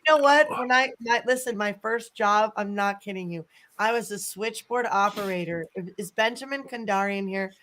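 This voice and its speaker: A woman's voice: mid-range voice, normal speed, a bit bright, rough recording. A woman from the Chicago area co-hosting a live stream panel, chatty, swearing and laughing often. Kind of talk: casual livestream chat.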